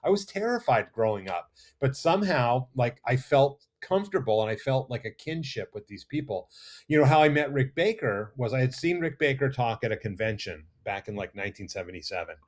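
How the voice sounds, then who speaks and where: A middle-aged man, a makeup effects artist, telling animated, rambling stories as a guest in a casual interview. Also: mid-range voice, fairly quick. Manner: animated, rambling anecdotes with restarts. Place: studio or lounge.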